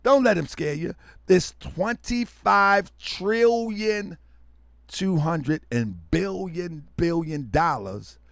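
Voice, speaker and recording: A loud, hyperactive man hosting a livestream, talking to his viewers as family and repeating himself for emphasis. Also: fairly high pitch, vocal fry, no room sound. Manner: preachy, calls listeners family. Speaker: online show host.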